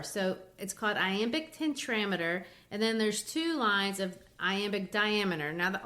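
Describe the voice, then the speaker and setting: A woman explains poetry on a literature podcast in a relaxed, chatty way. She is lively, animated and laughs lightly now and then as she talks. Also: mid-range voice. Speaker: podcast co-host. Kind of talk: casual literature discussion.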